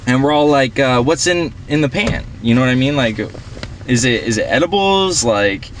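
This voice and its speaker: A man's voice: medium pitch, lively intonation, normal speed, slight background noise, close to an everyday voice. A young man playing a party-goer who tells a long story in a rambling, profane, slangy way full of fillers. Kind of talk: casual film dialogue.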